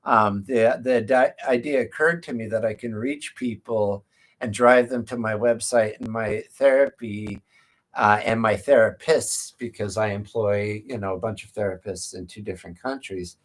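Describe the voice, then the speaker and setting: A man's voice: fairly low pitch, moderate pace. A man who runs a therapy practice, telling a personal story in a casual, rambling way on a live stream. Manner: rambling and conversational, with frequent restarts.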